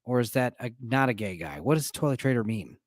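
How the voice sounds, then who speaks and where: A man hosts a relaxed movie discussion, rambling through scenes with a lot of laughter. His voice sits at an ordinary middle pitch. The sound is dry, with no room echo. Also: fairly quick. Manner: rambling, laughs often while retelling scenes. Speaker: stream host.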